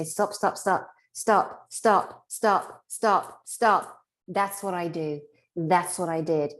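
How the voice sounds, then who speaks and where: A woman's voice: on the low side, darkish tone. A Scottish woman, a spiritual therapist, giving a heartfelt motivational talk in a blunt, impassioned way with mild swearing.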